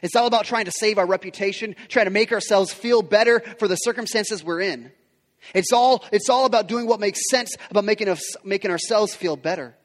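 A man's voice: high voice, fairly quick, big-room sound. A man preaching a sermon in an earnest style, repeating phrases and restarting lines as he builds his point. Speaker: pastor.

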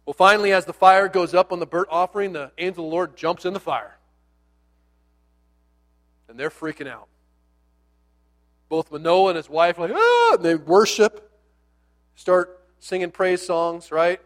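A male pastor preaching a sermon in a conversational, animated storytelling style with playful asides, dropping to a near hush on key words. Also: high voice, normal speed, long pauses.

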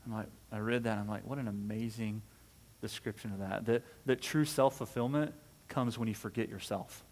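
A man's voice: on the low side, fairly even intonation, normal speed, a little mellow. Man preaching in a reverberant hall. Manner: conversational preaching, rhetorical questions, frequent "right?". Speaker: pastor. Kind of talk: sermon.

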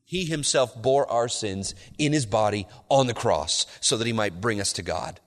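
Earnest preacher in a reverberant hall. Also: male voice, lowish voice. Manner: earnest preaching, rising on key words, slowing to read quotations. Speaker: pastor. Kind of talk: expository sermon. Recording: long reverb of a large hall.

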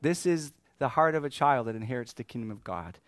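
A man preaching a sermon in an animated, lively way, often laughing and acting out the scripture he talks about. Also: mid-range voice, fairly quick, dry recording, clean studio sound. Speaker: pastor.

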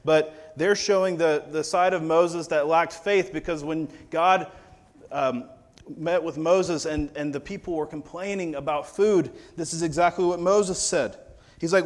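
A man's voice: a little high, unhurried. A man preaching a sermon in a conversational, wry storytelling manner. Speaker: pastor.

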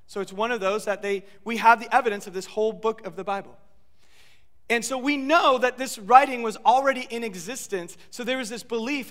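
A man preaching a sermon as pastor, animated, acting out quoted lines and asking the listeners rhetorical questions. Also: high-pitched, big-room sound.

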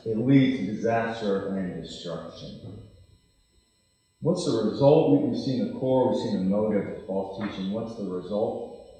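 A man preaching a sermon as pastor, swinging between loud emphasis and hushed asides. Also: on the low side, measured pace. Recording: echoey hall reverb.

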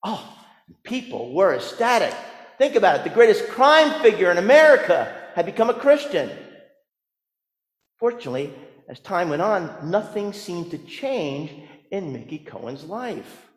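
A man, a pastor, preaching a sermon in a storytelling way, moving between hushed asides and emphatic lines. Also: sits high, very animated, unhurried, reverberant, big-room sound.

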